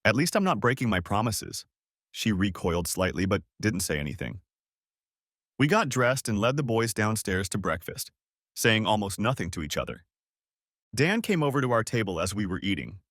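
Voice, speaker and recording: A man's voice: fairly low pitch, a bit bright, dry recording, studio quality. A man reading a first-person revenge story aloud in a bitter, sardonic manner. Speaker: narrator. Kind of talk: first-person audiobook narration.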